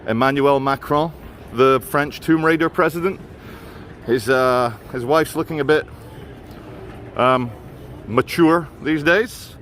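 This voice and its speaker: A man's voice: mid-range voice, slow pace, pauses often, fairly bright tone. Sardonic man on a busy street. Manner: sardonic, mocking running commentary. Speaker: vlogger. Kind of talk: walking street vlog commentary. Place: outdoors on a busy city street. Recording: outdoor street noise.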